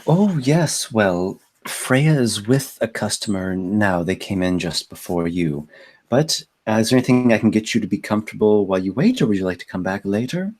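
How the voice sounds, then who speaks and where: Guy doing a polite persuasive madam, kinda low voice, tabletop game. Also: animated, normal speed, a little mellow. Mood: welcoming. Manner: smooth, courteous, persuasive host talk. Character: gracious female madam of a house.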